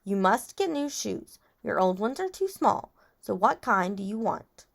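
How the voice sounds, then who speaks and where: A woman's voice: medium pitch, big pitch swings, a little slow, gravelly, heavily acted. A woman voicing a mother who coaxes and then firmly insists, reading a storybook aloud. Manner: firm, coaxing. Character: patient but firm mother of two boys.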